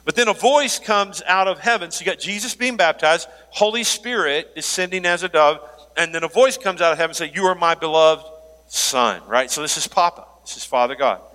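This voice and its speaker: Male pastor preaching, animated with asides, higher voice, bright and forceful, long hall reverb. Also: brisk. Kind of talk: sermon.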